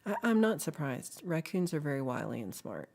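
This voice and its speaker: A woman with a low, mellow voice hosts a casual livestream chat. She is playful and giggly and slips into whispers as she talks straight to her viewers. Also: big pitch swings, normal speed, gravelly. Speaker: livestream host.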